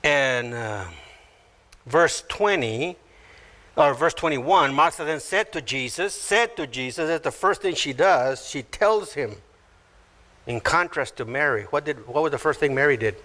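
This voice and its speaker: A man delivers a sermon from the pulpit, pastor-style, in a bright and forward voice pitched somewhat high. His delivery is unhurried and lively in melody, rising and falling widely as he walks through the verses one at a time. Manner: animated, acts out quoted voices with sudden high pitch jumps.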